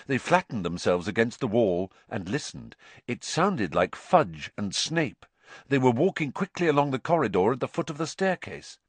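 A man narrating a storybook audiobook with expressive, varied reading. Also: medium pitch, normal speed, slightly rough, no echo.

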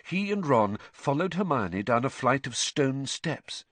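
Man, audiobook narrator, lively expressive pitch, dry close recording. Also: a little slow, no echo.

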